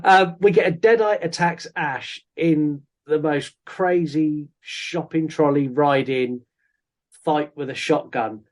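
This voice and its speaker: A man's voice: on the high side, takes it slowly. A man hosting a podcast, chatting casually about a film with many ums. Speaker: podcast host. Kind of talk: casual film review chat.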